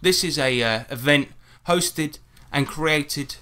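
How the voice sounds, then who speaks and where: A British man co-hosting a comedy podcast, telling stories in a jokey quiz-show way with deadpan disclaimers. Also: a little high, slow, clear, resonant tone. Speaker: podcast co-host. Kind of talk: casual comedic podcast chat.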